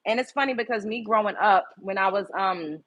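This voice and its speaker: Brisk and fairly bright, with a medium pitch, the young woman hosts her casual livestream from Brooklyn, New York. Her manner is frank and unfiltered, full of swearing and personal greetings to viewers by name.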